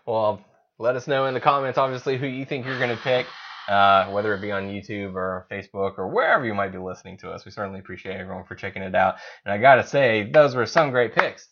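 A man's voice: fairly low pitch, fast talker, muffled recording, a little hiss or hum. A man co-hosting a podcast, chatting casually, easygoing and joking. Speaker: podcast co-host. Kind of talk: casual chat.

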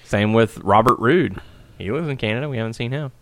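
A man chatting casually as a podcast co-host, animated and acting out what others said. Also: mid-range voice, a little fast, no echo. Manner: animated, acts out quotes in put-on voices. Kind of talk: casual chat about wrestling.

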